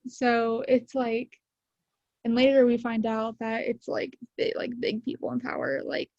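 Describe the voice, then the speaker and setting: A woman's voice: fairly high pitch, flat delivery, a little slow, gravelly, a little mellow, no echo. A teenage girl on a video call, talking casually about a book with classmates, with lots of fillers. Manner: chatty, many fillers. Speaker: student in book discussion. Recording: dull lo-fi video call audio.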